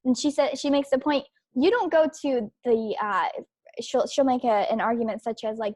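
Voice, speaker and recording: A woman's voice: on the high side, normal speed, darkish tone, dry recording. Emphatic woman podcaster, dry close sound. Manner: emphatic, repetitive, with filler restarts. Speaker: podcast host. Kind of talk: opinion podcast monologue.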